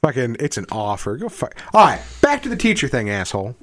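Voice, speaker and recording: A young man in casual argumentative banter, profane and animated, laughing often. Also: mid-range voice, brisk.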